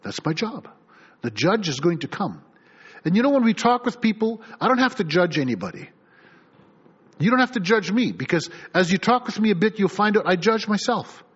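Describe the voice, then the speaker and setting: Heard on a dull lo-fi recording, a middle-aged pastor preaches with energy at a moderate pace. His husky voice sits high as he reads scripture aloud and dramatizes the people in the text.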